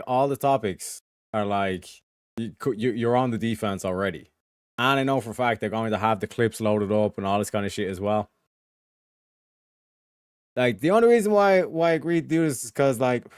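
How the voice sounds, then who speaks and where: A man's voice: medium pitch, no room sound, clean studio sound. A man chatting casually on a livestream, rambling and swearing, with a lot of filler phrases, talking to his viewers from a home setup. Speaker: streamer.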